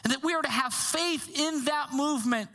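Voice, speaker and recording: A woman pastor preaching a sermon with a high, ringing voice. She talks in a lively, conversational way and acts out quotes along the way. She often sinks to a hushed, low tone to drive a point home. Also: normal speed. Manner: drops to a hushed tone for emphasis.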